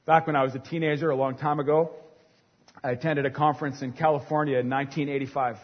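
A man in his forties preaching a sermon as pastor, with a dynamic delivery that swings from hushed to loud. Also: fairly high pitch, fairly even intonation, fast talker. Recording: long hall reverb, dull sound.

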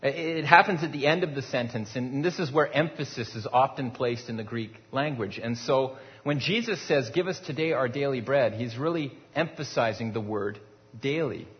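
A male pastor preaches in an easy, conversational manner, asking the congregation rhetorical questions and often repeating a word as he restarts. His voice sits at a middle pitch and trails off into a long reverb in a large church sanctuary. The sound is a little dull. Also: normal speed, hardly any pauses. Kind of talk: sermon.

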